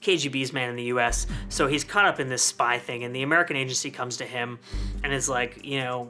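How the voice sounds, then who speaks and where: A man's voice: medium pitch, fairly quick, bright, forceful tone, soft background music. A man giving a casual film review, rambling with many fillers.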